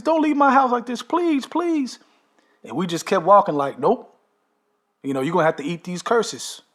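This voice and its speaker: Casual man, higher voice, lots of "man". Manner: conversational, frequent "man" and "okay" tags. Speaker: video host recounting a dream. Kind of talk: casual dream retelling and preaching.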